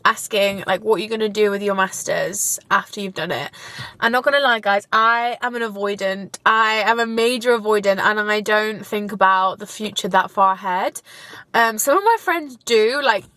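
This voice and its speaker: A woman's voice: medium pitch, moderate pace, fairly bright tone, no room sound. A young woman, vlogging casually from her car, chatty and gushing, now and then tearful. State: tearful at times. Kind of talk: casual chat while driving. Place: inside a car.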